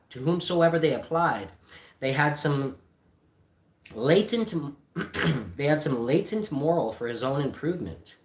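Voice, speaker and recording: Man reading aloud in a roomy room. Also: a little high. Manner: casual asides, clears throat often. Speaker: channel host, reader. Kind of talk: reading a novel aloud on a livestream. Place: home by a Christmas tree. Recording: roomy echo.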